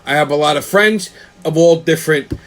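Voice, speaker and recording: A man's voice: on the high side, brisk. A man hosting his own show, ranting angrily about sports with constant swearing and a habit of tagging his lines with "okay?". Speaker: show host. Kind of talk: profane sports rant.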